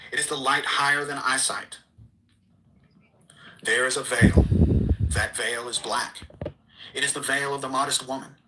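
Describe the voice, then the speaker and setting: A man's voice: medium pitch, sharp tone, slight background noise, poor audio. A man giving a solemn, declamatory reading of an archaic scriptural text. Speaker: reader.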